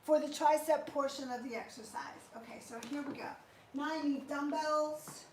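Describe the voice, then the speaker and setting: A female fitness trainer talks through a live workout indoors, chatty and encouraging while she exercises. Her voice is high with fairly even intonation at a moderate pace. The room is echoey, with faint background noise.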